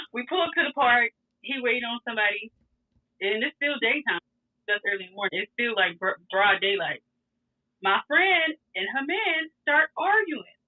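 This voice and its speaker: A young woman telling a story in casual chat, animated and profane, laughing as she goes. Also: on the high side, normal speed. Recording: tinny phone-like sound.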